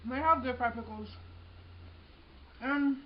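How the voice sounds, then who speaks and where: A woman's voice: high-pitched, takes it slowly, lo-fi sound, slight background noise. A young woman casually talking through a snack she made for her cooking vlog, using plenty of slang and tasting as she goes. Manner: chatty, slangy, tasting food while talking. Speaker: cooking vlogger.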